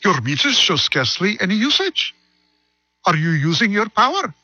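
A man's voice: sits high, sing-song, normal speed, sharp tone, husky, dry recording, dull audio, pitched above the performer's own voice, exaggerated voice. A man voicing a puzzled male meter reader in a comic put-on accent.

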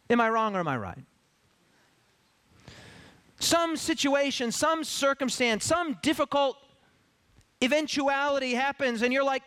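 A pastor delivers an animated sermon packed with rhetorical questions, performing the voices of the people in his stories. His voice is very high-pitched, and he keeps a measured pace.

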